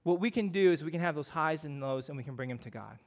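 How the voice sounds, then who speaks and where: A man's voice: fairly high pitch, expressive, fast talker. A man with a Midwestern American accent preaching a sermon in a conversational way, often using fillers and asking rhetorical questions. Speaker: pastor.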